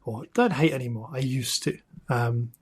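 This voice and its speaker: Husky man, candid and hesitant. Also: mid-range voice, normal speed. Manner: candid, hesitant, many fillers and restarts. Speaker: podcast co-host. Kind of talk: casual podcast conversation.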